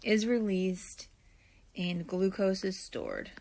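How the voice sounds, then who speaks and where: A woman teacher at an average pitch goes through her notes for a video lesson. She talks slowly and deliberately and thinks aloud as she writes. She speaks to her students in a friendly way. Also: big pitch swings, gravelly, a little mellow. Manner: slow, deliberate, thinking aloud while writing; friendly, addresses students directly.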